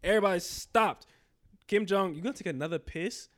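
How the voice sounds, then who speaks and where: A man in casual chat, teasing his co-host, laughing often and quick to object. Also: high voice, fairly bright tone.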